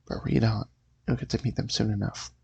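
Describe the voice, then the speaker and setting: A man's voice: lowish voice, fairly even intonation, fairly quick, creaky, a little mellow, breathy edge, full character voice, low-quality recording. A man voicing a sly, ghoulish male host from a horror comic, teasing the reader with asides.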